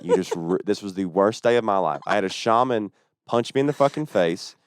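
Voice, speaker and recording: A man, a stand-up comedian, telling a story on a podcast in an animated, profane and exasperated way. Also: on the low side, fairly quick, smooth, dry recording, studio quality. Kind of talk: casual storytelling chat.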